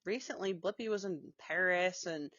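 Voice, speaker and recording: A woman co-hosting a podcast in casual chat, relaxed, with quick agreeing replies. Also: on the low side, no echo. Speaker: podcast co-host. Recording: dry muffled lo-fi recording.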